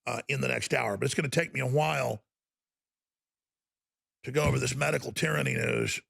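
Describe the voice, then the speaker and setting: A man's voice: mid-range voice, a little fast, fairly bright tone. A male talk show host delivering a fervent, ranting radio monologue with mocking asides. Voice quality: gravelly.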